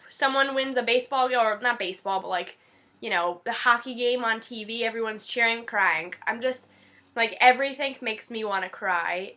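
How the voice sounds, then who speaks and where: A vlogger in her twenties speaks to camera with a bright, pushed voice on the high side. She's casual but emotional, gushing with teary eyes and filling her speech with fillers.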